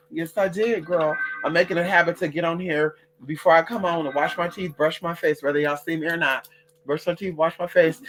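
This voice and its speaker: A woman's voice: low-pitched, fairly bright tone, slight background noise. A woman hosting a casual livestream, talking bluntly and with plenty of profanity while reading out and answering her viewers' comments. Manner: reads out and answers chat comments. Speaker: livestream host.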